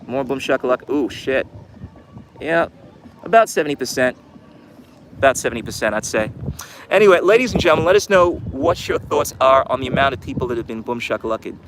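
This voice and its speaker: A man's voice: medium pitch, animated, fairly quick, noisy background. A man hosting his channel's livestream, rambling through casual, sarcastic commentary. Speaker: channel host.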